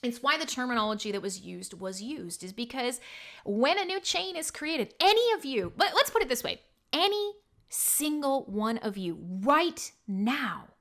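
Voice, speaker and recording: Woman, young adult, live-stream host, casual chat, swears a lot, lively up-and-down pitch, bright tone. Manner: chatty, swearing, laughing, self-mocking.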